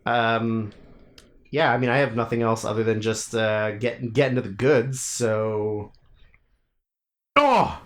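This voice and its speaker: A man's voice: on the low side, level tone, measured pace. Male podcast co-host, casual banter, rambling and profane. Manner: rambling, profane, laughs often.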